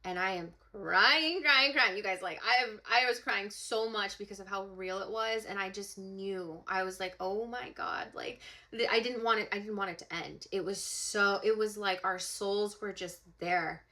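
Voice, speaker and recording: A young woman with a bright, forward voice tells a personal story straight to camera. She is emphatic and casual, leaning on "like" and checking in with "okay?" as she goes. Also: medium pitch, steady tone, moderate pace. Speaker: psychic medium.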